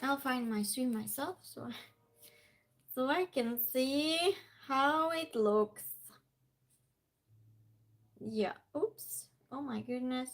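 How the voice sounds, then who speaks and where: High-voiced, unhurried woman streamer. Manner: chatty, greets viewers by name, laughs often. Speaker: live streamer hosting a game night. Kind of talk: casual live-stream chat. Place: at home by a desk lamp.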